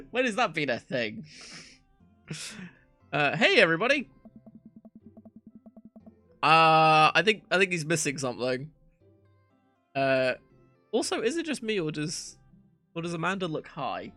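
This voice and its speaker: A man's voice: on the high side, sing-song, takes it slowly, long pauses, sharp tone, soft background music. A man streaming a dating game, reading lines aloud in a playful way, swearing and stumbling over words.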